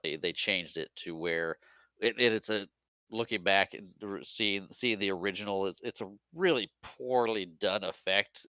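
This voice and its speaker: A man co-hosting a podcast, talking casually about a film, laughing often and slipping into quick character voices. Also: on the low side, pushed and bright, clean tone, no room sound. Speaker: podcast co-host. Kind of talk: casual movie chat.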